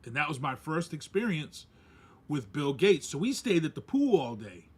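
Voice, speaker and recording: A man, co-hosting a podcast and telling a story casually, animated and laughing as he acts out quoted voices. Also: on the high side, moderate pace, slightly rough. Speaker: podcast co-host.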